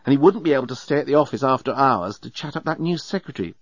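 A man narrating an audiobook in a wry, lively storytelling manner. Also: medium pitch, quick pace, dry recording, highs cut off.

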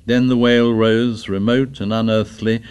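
A man narrating a story in a measured, dramatic reading. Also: lowish voice, level tone, darkish tone, clear, resonant tone. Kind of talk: scripted narration.

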